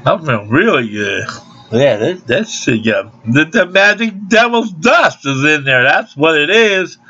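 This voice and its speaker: High, bright-voiced rambling man on lo-fi video. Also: big pitch swings, unhurried. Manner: loose and rambling, drawling, laughs between lines. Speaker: vlogger. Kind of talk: casual rambling vlog with off-key singing. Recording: dull lo-fi home video audio.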